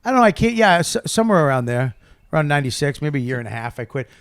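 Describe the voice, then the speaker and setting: A man, a comedian, telling stories in a casual, animated and profane way with frequent laughter. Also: a little high, racing, clean tone, no room sound, studio quality. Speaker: comedian guest. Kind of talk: casual storytelling.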